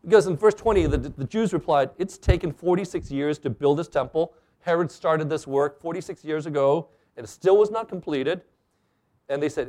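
A preacher man gives a sermon from a church stage, his voice sitting a little high. He talks in an animated way and acts out the people he quotes. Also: normal speed.

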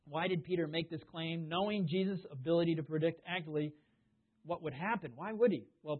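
Guy preaching a sermon, kinda husky, punches words then goes quiet, sounds like a phone recording. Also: on the high side, narrow, tinny audio. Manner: emphatic, swings from loud stresses to hushed asides. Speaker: pastor.

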